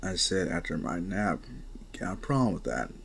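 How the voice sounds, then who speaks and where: A man voicing a lazy, gruff young gang leader who gives bored, curt replies. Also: low-pitched, sing-song, moderate pace, a little hiss or hum, voice pushed down, full character voice. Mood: grumpy.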